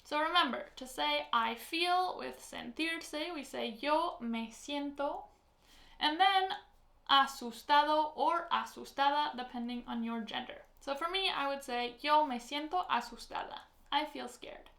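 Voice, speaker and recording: A woman teaching a Spanish lesson, explaining slowly and patiently, with spoken example phrases. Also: high voice, creaky, a bit bright, reverberant. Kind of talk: online language lesson.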